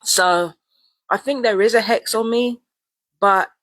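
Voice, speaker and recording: Talking to camera in a long, casual vlog monologue, this woman circles back over the same points and uses loose slang. She speaks slowly in a mid-range, slightly bright voice with no echo.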